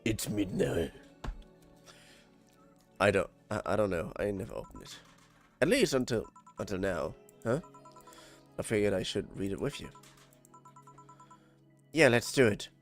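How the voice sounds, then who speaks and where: Low-voiced German man reading a game. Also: very animated, moderate pace, vocal fry, long pauses, faint music behind. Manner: stumbles and restarts on words while reading, swears when annoyed. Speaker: streamer. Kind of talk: reading game dialogue aloud on a livestream.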